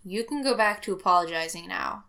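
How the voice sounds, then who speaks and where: A woman's voice: lowish voice, lively intonation, brisk, gravelly, bright, forceful tone, exaggerated voice. Battered young man, weak and wry, mumbled jokes, as the reader puts him on.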